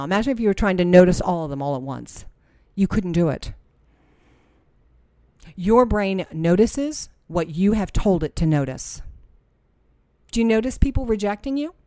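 A woman's voice: mid-range voice, no echo. Dry-voiced woman coaching a group. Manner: animated, acts out inner voices, repeats herself. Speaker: Christian life coach. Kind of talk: teaching a group, faith-based. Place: room with a live audience.

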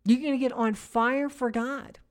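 A high-voiced woman, talking a little slowly, gives women a conversational Christian teaching with lots of energy and emphasis. She stacks repeated phrases into emphatic lists and asks her audience direct questions.

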